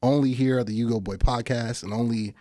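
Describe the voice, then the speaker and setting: A man's voice: mid-range voice, steady tone, a little fast, dark tone. A man hosting a casual podcast chat, laughing often and repeating his words as he talks. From New Jersey. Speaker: podcast host.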